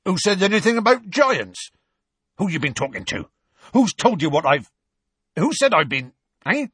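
Gruff grunting giant of a guy, grumbly and secretive, read by a man, husky and dry. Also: medium pitch, very animated, moderate pace, bright, forceful tone, dry recording, full character voice. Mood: defensive. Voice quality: gruff, grunting, rustic grammar. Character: gruff, huge, gentle male half-giant groundskeeper.

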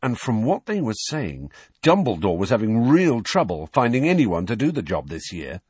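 A man putting on a cheeky teenage boy, pitched a little higher and full of swings between mock outrage and jokes. His tone is husky, and the sound is close and dry. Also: no room sound, exaggerated voice. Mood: teasing. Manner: teasing, brisk and lively.

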